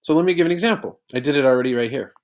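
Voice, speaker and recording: Male teacher, gravelly mid-pitched voice, patient step-by-step explainer for a recorded lesson. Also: racing.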